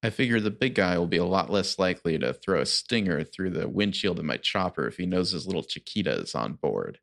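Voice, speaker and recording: A man's voice: deep voice, animated, a little fast, creaky, fairly bright tone, no echo, clean studio sound. A man co-hosting a book podcast, reading passages aloud in casual chat and laughing often. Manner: reads quotes with loose playful voices, laughs often.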